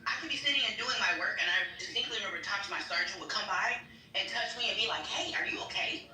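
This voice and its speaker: A woman telling stories in a casual chat, blunt and quick to swear. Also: medium pitch, bright, forceful tone, slight background noise. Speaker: guest. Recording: roomy and distant.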